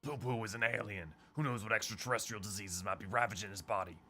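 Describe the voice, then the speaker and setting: An earnest male investigator in a game cutscene who pushes through exposition at a brisk clip. The voice sits a little low. Game music runs clearly behind him. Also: sharp tone.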